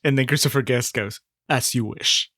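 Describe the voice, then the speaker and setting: A man's voice: medium pitch, fairly even intonation, normal speed, pushed and bright, no echo, clean studio sound. A man co-hosting a podcast, picking apart a film with laughing, critical banter. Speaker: podcast co-host. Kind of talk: casual film discussion.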